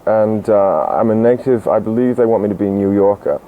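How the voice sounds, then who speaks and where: Young canadian guy, kinda mid-atlantic accent, low voice, chatty, tinny old cable tv tape. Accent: mid-Atlantic, between Canadian and English. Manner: chatty, self-deprecating, quick to laugh. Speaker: actor, interview guest. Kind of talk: casual interview chat. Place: local cable TV studio.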